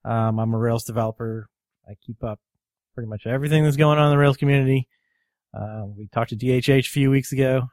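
A man who works as a software developer, recommending an article with hesitant speech and many fillers. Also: mid-range voice, fairly even intonation, fast talker, no room sound. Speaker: podcast panelist, Rails developer. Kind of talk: casual panel chat.

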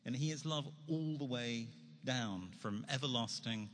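A man's voice: medium pitch, measured pace, a bit bright. A man author giving an earnest, reflective religious talk to an audience in a hall. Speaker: speaker, author. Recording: long hall reverb.

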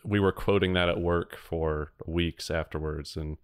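Guest reviewer, low male voice, wry humor, dead dry mic. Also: steady tone, measured pace, smooth, no echo. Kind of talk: casual chat.

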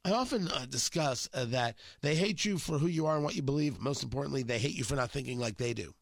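A man hosting a talk show with a cold and a scratchy, sore throat, his voice pitched a bit high and swinging all over as he hammers his points home. His delivery is emphatic and mocking, with gravelly fry on the low ends. The sound is close and dry, with no room around it. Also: animated, fast talker, no room sound. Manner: emphatic, mocking, punchy phrasing. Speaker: radio talk show host. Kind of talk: opinionated political monologue.

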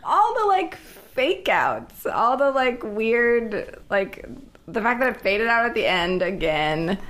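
A woman's voice: on the high side, very animated, takes it slowly, a bit bright. A woman guest in a casual podcast chat, giggly and chatty with lots of fillers.

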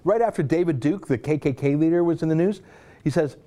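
A man's voice: fairly high pitch, fairly quick, warm tone. A man giving a sarcastic, mocking political commentary, reading tweets aloud and scoffing at them.

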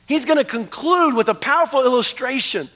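High, lively preacher in reverb. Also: male voice, fairly quick. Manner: animated preaching, dropping to hushed tones for emphasis. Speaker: pastor. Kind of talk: sermon. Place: church sanctuary. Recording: long church hall reverb.

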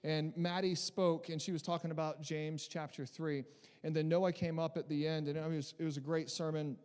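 Casting: male pastor with a high voice, casual and lively sermon delivery, church hall reverb. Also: normal speed, smooth. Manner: conversational and animated, with many restarts and mimicking voices.

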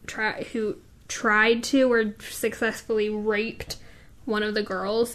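A woman co-hosting a podcast, chatting casually with soft, brief replies. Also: mid-range voice, little pitch movement, takes it slowly. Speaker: podcast co-host.

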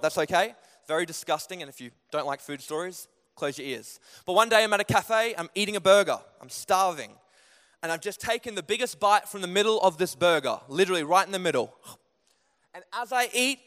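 A young man preaching a sermon in a church, telling stories in an animated way that climbs higher and louder as he gets going. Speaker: pastor. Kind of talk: sermon with personal storytelling. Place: church hall. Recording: long hall reverb.

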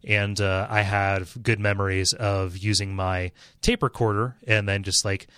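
A man hosting a casual chat about video games, relaxed and leading the conversation. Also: lowish voice, measured pace, clear, resonant tone, no echo, clean studio sound. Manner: relaxed, leads the segment and hands off readings.

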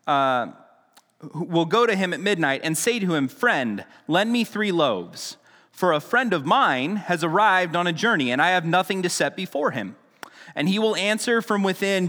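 A man's voice: sits high, bright, forceful tone, big-room sound. A man preaching a sermon in a casual, conversational teaching style, with frequent restarts and asides. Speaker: pastor.

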